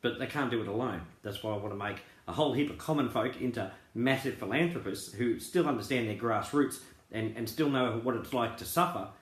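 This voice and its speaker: A man's voice: medium pitch, fairly quick, hardly any pauses. A man talking casually and earnestly to his group's members, rambling with many fillers and restarts. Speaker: crypto group founder. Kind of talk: casual promotional talk. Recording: roomy echo.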